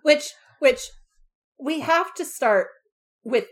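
A woman's voice: sits high, expressive, takes it slowly. A young woman co-hosting a casual book discussion, chatty and affirming as she retells scenes. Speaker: podcast co-host.

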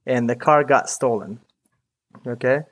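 A man's voice: mid-range voice, unhurried. A young man from Iraq, a mechanic guest chatting casually in an interview, rambling and peppering his talk with "dude" and "you know".

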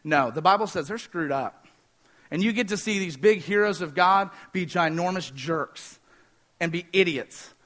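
A man preaching a sermon, fast-talking, energetic and joking with the congregation. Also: sits high. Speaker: pastor.

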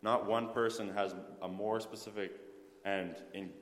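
An earnest man preaching a sermon. His voice sits a little low and rings with long reverb through a church hall, and he keeps pausing on fillers and correcting himself. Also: fairly even intonation.

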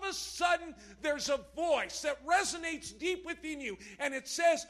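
A man preaching a sermon in church, impassioned and playful with the congregation, swinging from shouts to hushed lows. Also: expressive, unhurried, hardly any pauses. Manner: impassioned, rising to shouts, then dropping low. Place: church service before a congregation.

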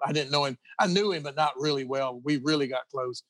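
A man's voice: medium pitch, fairly quick, fairly bright tone, dry recording. A middle-aged man telling rambling anecdotes in a casual interview, full of restarts and chuckles. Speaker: guest guitarist.

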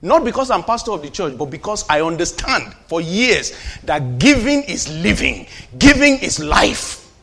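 A pastor preaching a sermon in a high-pitched, ringing voice. He moves between loud declarations and hushed, personal asides, pulling the congregation in with call-and-response. His tone is bright and keen throughout. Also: very animated, normal speed, vocal fry, hardly any pauses, husky.

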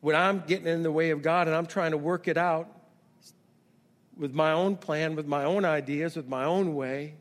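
Man, middle-aged, pastor, sermon, high-pitched, call-and-response, long hall reverb. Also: fairly even intonation, moderate pace. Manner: call-and-response preaching, rises to shouts.

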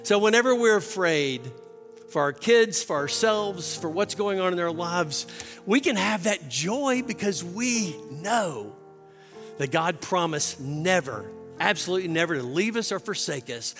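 A man delivers a sermon in a high, bright, ringing voice, earnest and swelling into impassioned emphasis. His voice carries a long reverb through a church sanctuary, with soft music faintly underneath. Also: animated, moderate pace. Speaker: pastor.

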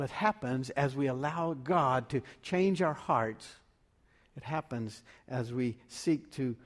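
A man delivering a sermon as pastor, measured and full of rhetorical questions. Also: mid-range voice. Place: church sanctuary. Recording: long reverb of a large room.

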